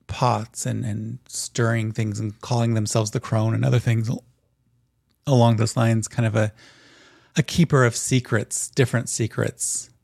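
A man narrating a tabletop game as game master in a calm, descriptive way. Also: medium pitch, gravelly, no echo, clean studio sound.

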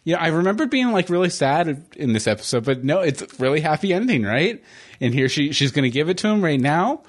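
A man's voice: on the high side, big pitch swings, fast talker. A man hosting a podcast, talking in a casual, chatty way with lots of fillers and restarts. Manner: chatty, stammering with many fillers. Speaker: podcast host. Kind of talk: casual commentary chat.

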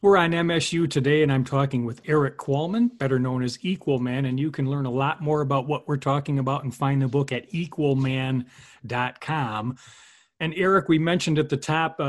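Man, radio host, interviewing a guest, measured questions, mid-pitched voice. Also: steady tone.

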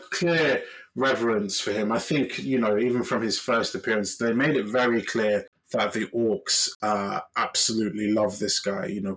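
Husky-voiced male podcast host. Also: fairly low pitch, a bit bright, rough recording. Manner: chatty, with frequent fillers. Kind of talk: casual chat.

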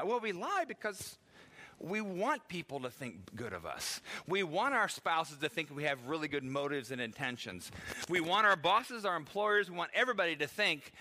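A man's voice: a little high, pushed and bright. A middle-aged man preaching a sermon in a conversational way, acting out the voices he quotes and laughing now and then. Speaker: pastor.

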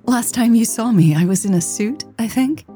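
A woman narrator voicing a friendly, outgoing adult woman jogger who chats warmly and shows concern, in a storybook reading. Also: fairly high pitch, lively intonation, moderate pace, soft background music, voice pushed up, close to an everyday voice. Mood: cheerful. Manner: warm, chatty, concerned.

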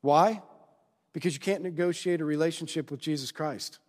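The pastor's voice is on the high side with a darkish tone, and he speaks at normal speed. He gives a conversational sermon, checking in with the congregation through constant rhetorical questions, in a church sanctuary with a large hall's long reverb.

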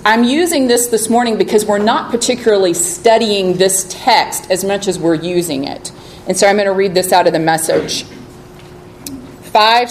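A woman gives a sermon in an easy, conversational manner, with the odd filler as she goes. She reads scripture aloud with feeling, her voice sitting at an ordinary middle pitch. A faint background hum sits behind her. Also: a little mellow, poor audio. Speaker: preacher.

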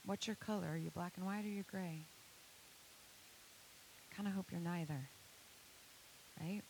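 A woman's voice: on the low side, fairly even intonation, moderate pace, vocal fry, a little mellow, a little hiss or hum, poor audio. A woman giving an earnest presentation to an audience, asking many rhetorical questions. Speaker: speaker giving a church presentation. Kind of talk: motivational talk to an audience.

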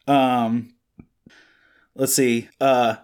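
A man with a slightly raspy voice co-hosting a casual podcast, rambling with many fillers and restarts. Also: medium pitch, level tone, very slow, darkish tone. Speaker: podcast co-host. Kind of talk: casual comic book chat. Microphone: studio microphone.

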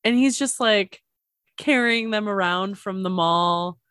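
A woman's voice: medium pitch, a bit bright, dry recording. Teasing woman co-host, dry close sound. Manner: teasing, quick banter. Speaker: podcast co-host. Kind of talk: casual chat.

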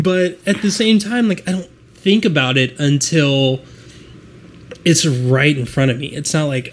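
Man from the US, casual chat, animated, laughs a lot, acts out quotes, fairly high voice. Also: moderate pace. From United States.

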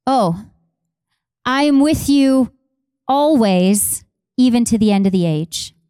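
Woman pastor, sermon delivery, fairly high voice with a warm, mellow tone, dry sound, repeats lines for emphasis. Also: animated, slow pace, clear, resonant tone, dry recording. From Canada. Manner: passionate, repeats phrases for emphasis, conversational asides to congregation. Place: church.

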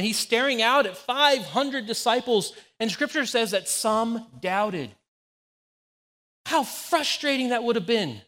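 A man in his forties preaches in a relaxed, conversational way. He tells homely stories to make his points. His voice sits notably high for a man. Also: long reverb tail. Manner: conversational, anecdotal, animated storytelling. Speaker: pastor. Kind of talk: sermon.

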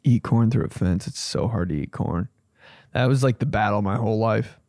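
A man hosting a comedy podcast, riffing in a casual, animated way and swearing freely. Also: fairly low pitch, normal speed, no echo, clean studio sound.

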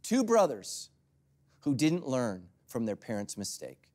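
Male pastor, sermon, lively expressive pitch, loud emphasis then near whispers, storytelling. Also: slow pace.

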